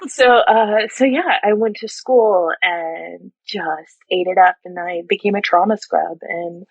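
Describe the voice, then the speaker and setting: A middle-aged woman, a surgical technologist and educator, telling stories in a podcast interview in a lively way, laughing and acting out quotes. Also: lowish voice, a little slow, creaky, slightly rough, dry recording, dull audio. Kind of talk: animated storytelling in a podcast interview.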